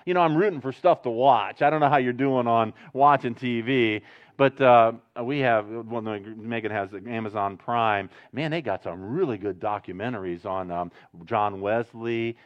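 A man preaching a sermon in a conversational style, breaking into loud emphatic bursts and chatty asides. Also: mid-range voice, dull audio. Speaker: pastor.

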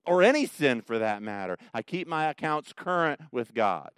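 A middle-aged male pastor giving a conversational sermon, swinging from loud emphatic bursts down to soft, quiet asides. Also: medium pitch, very animated, normal speed, smooth, no room sound, studio quality.

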